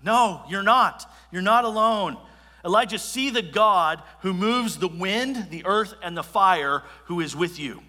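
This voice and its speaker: Preacher voicing God, commanding and emphatic. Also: male voice, sits high, animated, measured pace, bright, forceful tone, long reverb tail, voice pushed up, heavily acted. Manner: emphatic, declaiming. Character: God, an ancient, commanding male deity.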